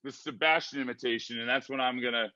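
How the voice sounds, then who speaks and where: A man's voice: mid-range voice, steady tone, fast, sharp tone, no echo, lo-fi sound. A man hosting a podcast in casual chat, hesitant and often restarting his sentences. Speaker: podcast host.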